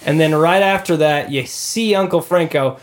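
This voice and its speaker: A man's voice: fairly high pitch, moderate pace, a little hiss or hum. A man hosting a casual quiz, chatty and often laughing as he explains the clues. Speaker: quiz host.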